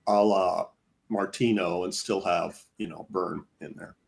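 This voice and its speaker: A male comic artist chatting on a casual podcast, modest and dry when he talks about his own pages. His voice sits a little low. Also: fairly even intonation, unhurried, creaky. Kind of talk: casual chat.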